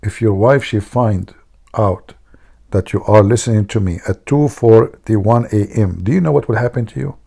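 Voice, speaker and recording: Gravelly, husky man teasing on a livestream. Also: on the low side, moderate pace, dark tone. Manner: teasing, laughing at his own jokes. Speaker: livestream host. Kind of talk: joking livestream chat.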